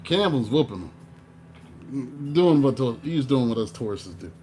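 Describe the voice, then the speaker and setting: A man giving a casual tarot reading, animated, swearing and talking to himself. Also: mid-range voice, moderate pace, a little hiss or hum. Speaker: tarot reader.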